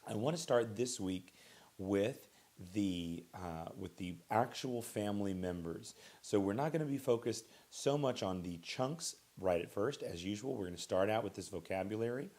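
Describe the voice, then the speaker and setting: A young adult man teaching a recorded vocabulary lesson, saying each word twice and stressing syllables clearly in a relaxed, unhurried way. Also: on the low side. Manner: relaxed, with fillers and restarts. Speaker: Russian language teacher.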